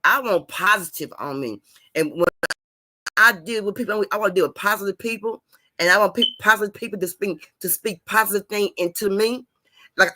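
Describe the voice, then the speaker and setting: A woman's voice: lowish voice, pushed and bright. A woman hosting her channel, lecturing viewers in a repetitive, emphatic, preachy monologue. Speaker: channel host.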